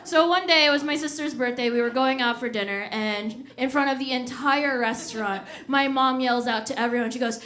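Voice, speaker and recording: A young woman from the Washington D.C. area doing stand-up on a live stage. Her voice sits high and sounds bright and sharp. She works the crowd with animated, punchy delivery. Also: fairly quick, few pauses. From Washington D.C. / Virginia area, USA. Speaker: stand-up comedian. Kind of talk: stand-up comedy set. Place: live comedy venue.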